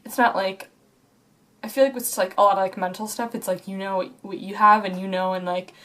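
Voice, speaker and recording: A woman's voice: mid-range voice, steady tone, brisk, a bit bright. Chatty young woman rambling to camera. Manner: chatty and rambling, many likes and restarts. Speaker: vlogger. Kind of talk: casual personal talk to camera.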